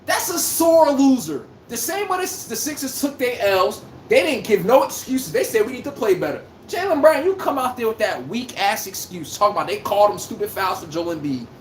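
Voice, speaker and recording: A woman's voice: fairly high pitch, very animated, brisk, few pauses, roomy sound, slight background noise. A woman hosting a casual sports livestream, ranting, trash-talking and reading out chat comments. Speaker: livestream host.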